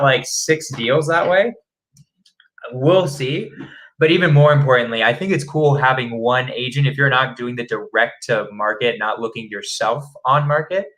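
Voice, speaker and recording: A man's voice: mid-range voice, sharp tone, rough recording. A man coaching real estate wholesaling in a rambling, chatty way, often laughing at himself. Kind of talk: casual live-stream teaching.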